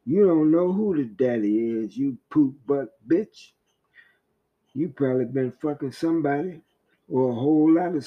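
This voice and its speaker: A man playing an enraged male inmate who spits profane insults, pitched higher than his usual voice and drawn out slowly. The recording sounds dull and lo-fi. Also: full character voice. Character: furious, crude male prisoner voicing his anger.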